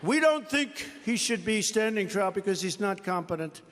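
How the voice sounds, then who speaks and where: A man's voice: high-pitched, expressive, moderate pace, fairly bright tone. Older American man, boastful rally speech. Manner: boastful, mocking, repetitive. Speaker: political rally speaker. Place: large indoor rally venue. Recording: reverberant arena sound with faint crowd ambience.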